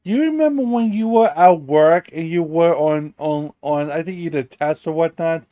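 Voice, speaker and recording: A stream host with a mellow, warm tone and a mid-range voice, chatting casually on a live stream. This host keeps interrupting with quick, pointed questions. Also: medium pitch.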